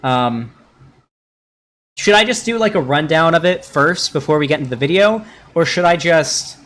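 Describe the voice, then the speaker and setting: A man's voice: fairly high pitch, lively intonation, moderate pace, fairly bright tone. A man doing casual live-stream commentary on a video, rambling and sarcastic, with frequent swearing.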